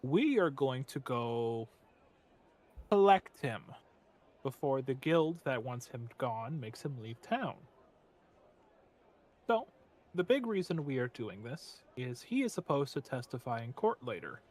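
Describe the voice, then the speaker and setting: A man's voice: mid-range voice, sing-song, a little mellow. A man playing a businesslike guild leader. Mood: briefing. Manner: measured, briefing.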